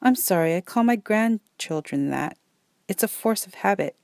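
A woman reading the part of a sweet, tiny old woman in her nineties, in a slow, gentle, doting voice. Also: medium pitch, lively intonation, gravelly, no room sound. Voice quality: sweet, mellifluous voice. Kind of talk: audiobook reading.

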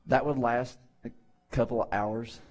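A man's voice: medium pitch, fairly even intonation, measured pace, a little mellow. A man pastor preaching a sermon in a conversational way, acting out the people in Bible stories with voices.

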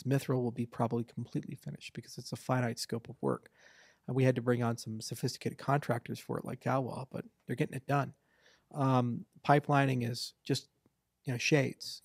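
A man with a gravelly, husky voice answers interview questions at a mid pitch. He talks confidently and at length, with a dry, close sound and no room around him. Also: a little mellow, dry recording. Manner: fast, confident, discursive, mimics voters for effect. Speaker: interview guest, blockchain founder. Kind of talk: casual interview talk.

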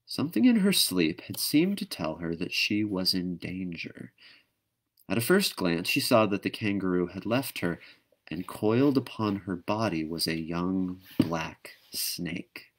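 A man with a lowish voice reads a children's storybook aloud on a live stream. His delivery is measured and lilting, like a bedtime story. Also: very animated. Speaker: storyteller reading a book aloud. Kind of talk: children's book read-aloud. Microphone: webcam or phone mic on a live stream.

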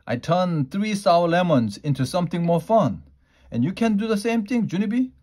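A man's voice: mid-range voice, expressive, a little slow, a little mellow, breathy edge. A man voicing a playful dad who teases and shows off. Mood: showy.

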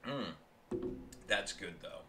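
A man's voice: on the low side, expressive, slow pace, loud music behind the voice. A man casually reviewing food on a stream, rambling and chatty, often talking while he chews.

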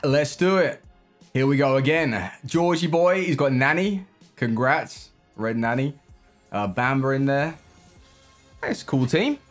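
A young man giving live commentary on his own football video game match, reacting out loud to every play. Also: mid-range voice, expressive, a little slow, faint music behind. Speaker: gaming YouTuber.

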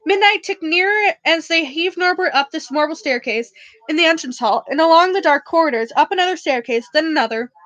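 High-voiced woman reading a novel aloud. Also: fairly bright tone, dry recording. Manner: stumbling, self-correcting reading. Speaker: book club reader. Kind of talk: casual read-aloud of a novel. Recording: dull, dry lo-fi recording.

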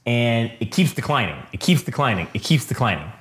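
A man co-hosting a podcast, chatting casually and telling stories in an animated, profane, ranting way. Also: medium pitch, a little fast, slight background noise. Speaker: podcast co-host. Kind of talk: casual chat and storytelling. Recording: roomy echo.

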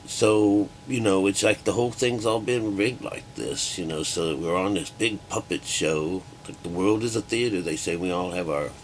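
A man's voice: low-pitched, normal speed, few pauses, a little hiss or hum. A middle-aged man and art teacher talking in a rambling, profane monologue packed with fillers.

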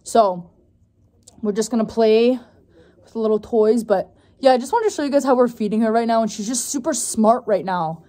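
A young woman with a fairly high voice chats casually to her vlog audience. Her talk is loose and unpolished, full of "like" and "um" as she explains things. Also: normal speed, warm tone. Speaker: vlogger.

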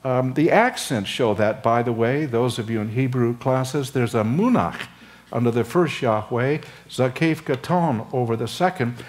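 An older man, a seminary professor, preaching an expository sermon with frequent pauses and fillers, his voice lifting for emphasis. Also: medium pitch. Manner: acts out dialogue between Moses and God.

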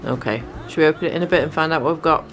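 A British woman vlogging at home, chatting straight to her viewers in a relaxed way. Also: sits low, very fast, soft background music. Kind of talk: casual home vlog.

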